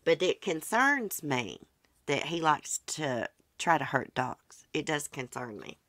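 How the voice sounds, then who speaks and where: Brief: middle-aged woman, low voice, chatty storyteller hosting her own channel. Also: sing-song, slow pace, a bit bright, no echo, studio quality. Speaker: channel host. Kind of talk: casual chat.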